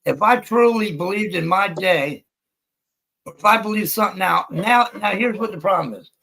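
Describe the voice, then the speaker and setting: A man's voice: high voice, moderate pace, creaky, bright, forceful tone, poor audio. A middle-aged man hosting a livestream, ranting bluntly and profanely with many restarts. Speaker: livestream host. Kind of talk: ranting live commentary.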